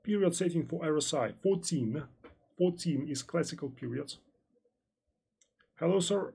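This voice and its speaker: A man with a Russian accent leads a live online trading lesson in a slightly high, gravelly voice with a husky edge. He talks in halting, looping sentences full of fillers. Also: dark tone. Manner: halting, repetitive, many fillers. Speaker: trading instructor. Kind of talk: live-stream lesson answering chat questions.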